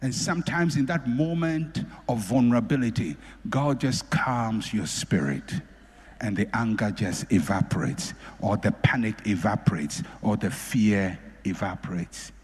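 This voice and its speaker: A man preaching a sermon, repeating phrases for emphasis and swinging between loud and soft. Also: lowish voice, measured pace, slightly rough. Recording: echoey hall with long reverb.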